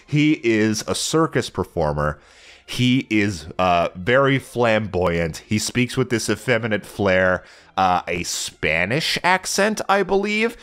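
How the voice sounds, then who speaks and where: An American man gushing over a video game in a casual monologue as a let's play host, animated and sometimes swearing. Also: lowish voice. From United States.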